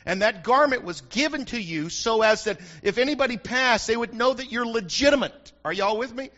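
A man's voice: very high voice, animated, a little fast, bright, forceful tone, muffled recording. A man preaching a sermon in church, fervent and often asking the congregation if they follow him. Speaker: pastor.

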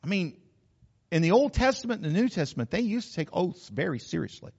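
A man's voice: high-pitched, sing-song, fast, gravelly, darkish tone, husky, in a large hall, dull audio. A middle-aged man, a pastor preaching a sermon in an emphatic, conversational, repetitive way. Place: church.

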